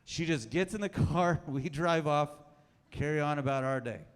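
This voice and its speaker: Brief: dry, self-mocking male comic, slightly high voice, reverberant club hall. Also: normal speed, clean tone. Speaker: stand-up comedian. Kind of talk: stand-up comedy set. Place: comedy club stage.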